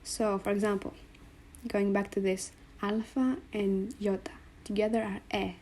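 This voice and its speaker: Here a woman patiently explains Greek letter combinations on a board, spelling out the sounds and repeating them slowly for the learner. Her medium-pitched voice is level and a little mellow.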